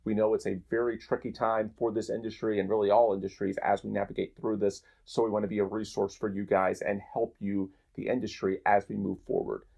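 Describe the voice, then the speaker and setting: A man's voice: lowish voice, little pitch movement, fairly quick, creaky, hardly any pauses, mellow, breathy edge. A man hosting a podcast, wrapping up in a conversational, rambling way. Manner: conversational, rambling, restarts mid-phrase. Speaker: podcast host. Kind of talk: podcast outro, casual talk.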